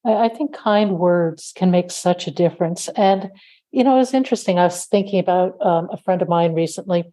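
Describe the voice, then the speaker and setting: Mellow-voiced woman hosting a podcast. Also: fairly low pitch, brisk. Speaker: podcast host. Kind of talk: casual interview chat.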